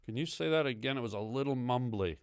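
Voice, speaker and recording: A man's voice: medium pitch, fast talker, smooth, no echo, studio quality. A man, a guest comedian, trading improvised comedic banter full of goofy, absurd insults and rambling fillers.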